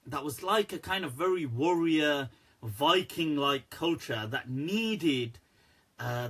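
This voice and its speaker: A man, an Islamic scholar, answering viewer questions on a live stream in a candid, animated way, laughing often. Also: medium pitch.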